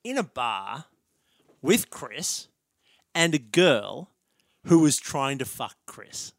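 A man's voice: medium pitch, takes it slowly, creaky, no room sound, studio quality. A man chatting casually as a podcast co-host, telling a story and laughing through it. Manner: animated, laughs through his own story.

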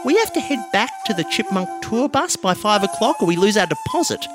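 A man voicing an earnest little male chipmunk in a storybook parody, with a squeaky high-pitched voice. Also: big pitch swings, fairly quick, music in the background. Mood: eager.

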